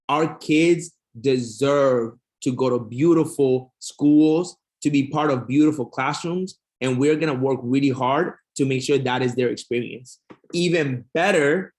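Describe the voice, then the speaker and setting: A man addressing school families at a town hall, with a mid-range voice. He keeps it upbeat and encouraging, mixing in casual slang as he talks to the parents. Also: medium pitch. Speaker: school leader.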